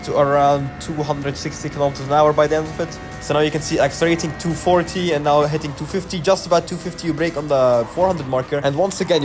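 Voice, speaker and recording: A man giving a matter-of-fact voice-over that explains his sim race. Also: on the high side. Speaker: sim racing channel host. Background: background music.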